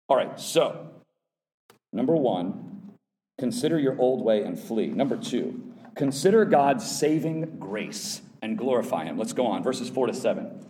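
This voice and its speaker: A man's voice: animated, unhurried. Emphatic male pastor, heard from afar. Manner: emphatic, swinging from loud high peaks to low quiet asides. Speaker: pastor teaching adult Sunday school. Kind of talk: sermon-style Bible teaching. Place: church. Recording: voice picked up from a distance off the mic.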